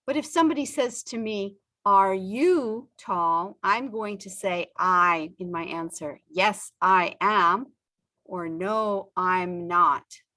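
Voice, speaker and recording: Very slow, careful woman teacher. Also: mid-range voice, sharp tone. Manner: stretches out example sentences, pausing often. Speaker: English teacher. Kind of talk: slow, deliberate ESL lesson.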